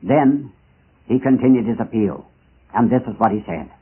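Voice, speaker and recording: A man preaching a missionary sermon, impassioned and dramatic, with rising rhetorical questions and slow emphatic pauses. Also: mid-range voice, lively intonation, slight background noise. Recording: tinny lo-fi archival recording.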